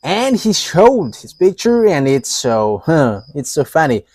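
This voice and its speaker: Guy preaching live, kinda high lively voice, choppy halting phrases, dry close sound. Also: no room sound. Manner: halting, in short broken phrases. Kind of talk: live sermon.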